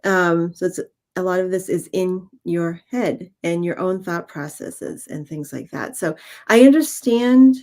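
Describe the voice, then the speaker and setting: A woman co-hosting a spiritual livestream and reading cards in casual chat over a video call, laughing easily and talking in halting phrases. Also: lowish voice, a little mellow. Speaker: co-host and card reader.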